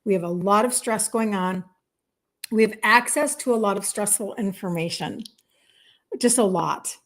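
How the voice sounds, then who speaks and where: A woman in her fifties, a health coach, chatting casually to viewers on a live stream, emphatic, repeating herself and saying "like" often. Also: mid-range voice. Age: 50s.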